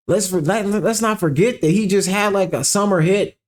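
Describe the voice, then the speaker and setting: A man hosting a casual music reaction commentary, rambling with lots of fillers and sudden animated outbursts. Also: high-pitched, normal speed, few pauses. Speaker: commentary show host.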